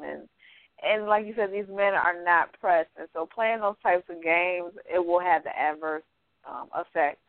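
A woman's voice: lowish voice, no echo. A woman co-hosting a radio talk show, answering hesitantly with many fillers. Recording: dry tinny phone-line radio sound.

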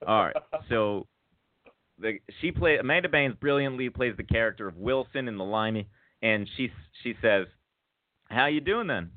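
A man's voice: lowish voice, moderate pace, no echo. A man co-hosting a comedy podcast, joking and rambling in casual chat. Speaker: podcast co-host. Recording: tinny phone-like dry sound.

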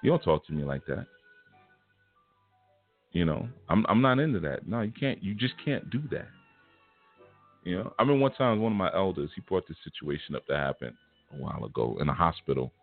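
A man's voice: low-pitched, big pitch swings, fairly quick, creaky, pauses often. A man giving a casual spiritual lesson, telling a personal story in blunt, streetwise slang. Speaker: spiritual teacher. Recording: tinny phone-like sound with faint music.

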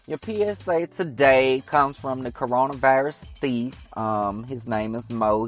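A man's voice: medium pitch, measured pace, hardly any pauses, faint music behind. A man hosting his own podcast in a casual, opinionated solo monologue, teasing that he will stir up controversy. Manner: chatty and opinionated, teasing about stirring controversy. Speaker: podcast host.

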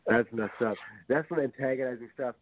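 A man chatting as a guest on a sports talk show, speaking haltingly with many fillers. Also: medium pitch, crowd noise. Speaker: guest friend. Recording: dry, tinny phone-like line.

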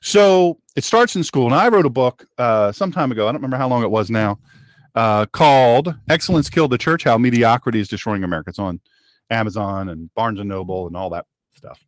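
With a mid-range, animated voice that runs a little fast, a man hosts a political talk show. He rambles through an opinionated monologue, repeating phrases to drive points home and reading out messages from listeners' chat. The audio is clean studio sound, free of room noise.

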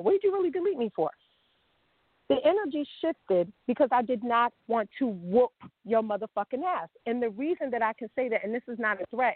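A woman's voice: a little high, breathy edge, dry recording. Blunt, profane woman on a tinny line. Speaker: vlogger. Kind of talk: unscripted rant to camera. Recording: dry, tinny phone-like sound.

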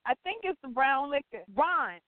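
Co-host: blunt, teasing woman, slightly high voice, tinny phone-line sound. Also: big pitch swings, moderate pace, no room sound. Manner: blunt, teasing, trips over names. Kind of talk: casual chat.

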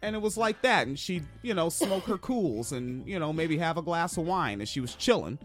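A man from Washington State hosting a podcast, telling stories in a profane, animated way. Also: normal speed, soft background music. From Washington State, USA. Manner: profane, animated, swings pitch for emphasis. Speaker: podcast host. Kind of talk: casual storytelling chat.

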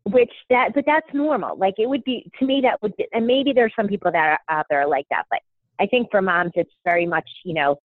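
A woman's voice: medium pitch, brisk, no echo. Podcast host, woman, chatty and self-deprecating, thin phone-line sound, dry. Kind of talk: casual podcast chat. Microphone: remote call. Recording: thin phone-like call audio.

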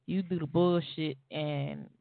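A woman's voice: deep voice, fairly even intonation, slow pace, vocal fry, no echo. A woman guest on a talk show, bluntly and profanely recounting a personal story with wry laughs. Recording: tinny phone-line audio.

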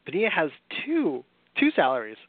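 A man's voice: on the high side, huge pitch swings, a little fast, dry recording. Host, male, chatty and laughing, over a tinny dry phone line. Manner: laughs often, restarts words. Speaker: podcast host. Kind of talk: casual sports chat.

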